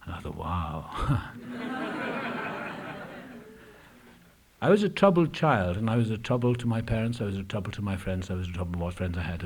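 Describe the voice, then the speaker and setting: A man with a deep, slightly mellow voice tells his recovery story at an AA meeting in a meeting room, speaking openly and thoughtfully while often hesitating. A little hiss or hum can be heard in the recording.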